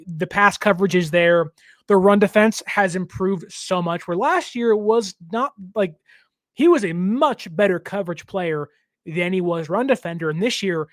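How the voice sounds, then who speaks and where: A man hosting a team show, giving a casual, jokey, animated breakdown of a football game. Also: high-pitched, no room sound, studio quality. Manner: animated, jokey, lots of fillers. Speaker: team podcast host.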